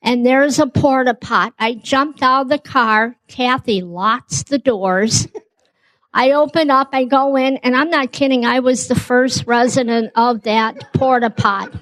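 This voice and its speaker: A woman's voice: high-pitched, measured pace, a bit bright, low-quality recording. A woman telling a personal story as a guest, acting out both sides of the conversation. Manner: acts out dialogue, says "I go" often.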